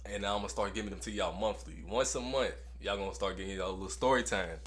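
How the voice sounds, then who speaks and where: A young man casually telling a story to camera in a slangy, animated way, repeating lines for effect. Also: fairly low pitch, fast talker. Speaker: storytime vlogger.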